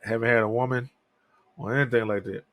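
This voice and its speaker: A man's voice: mid-range voice, steady tone, brisk, a bit bright, dry recording. A man in his thirties hosting a podcast alone, talking candidly in a rambling way and swearing often. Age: 30s. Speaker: podcast host. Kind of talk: casual solo monologue.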